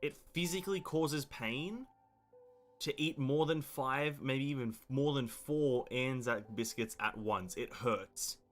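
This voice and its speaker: Australian male streamer, casual and opinionated, mid-pitched voice, curses freely. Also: unhurried, soft background music. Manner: blunt, profane, opinionated rambling. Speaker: game streamer. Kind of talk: casual live-stream chat.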